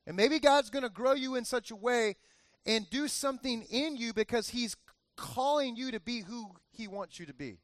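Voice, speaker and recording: A man's voice: extremely high pitch, normal speed, no room sound. A male pastor giving a conversational sermon, often repeating phrases for emphasis and adding joking asides.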